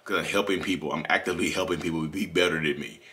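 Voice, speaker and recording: A man's voice: low-pitched, quick pace, sharp tone. A man, hosting a candid, rambling confessional monologue and often correcting himself. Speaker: channel host.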